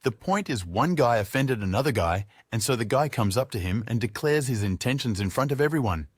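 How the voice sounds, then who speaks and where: A man's voice: medium pitch, animated, brisk, husky, no echo, clean studio sound. A man narrating an audiobook in a wry, conversational first-person style.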